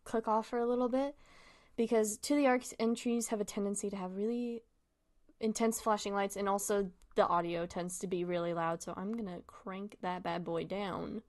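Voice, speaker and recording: A woman's voice: mid-range voice, steady tone, normal speed, a little mellow, no echo. Chatty young woman streamer, dry sound. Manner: chatty, easily distracted, laughs often. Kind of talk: casual live-stream commentary.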